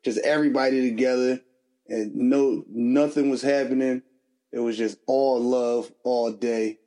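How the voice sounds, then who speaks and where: A man co-hosting a podcast, talking in a relaxed, slangy way and laughing often. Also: medium pitch, a little slow. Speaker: podcast co-host. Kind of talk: casual chat.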